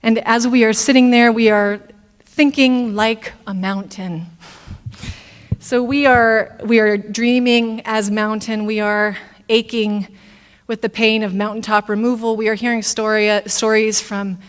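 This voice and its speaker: Brief: female intern minister, measured sermon delivery, unhurried, sanctuary reverb. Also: fairly high pitch, flat delivery, clear, resonant tone. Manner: slow, deliberate, reflective preaching with pauses. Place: church sanctuary.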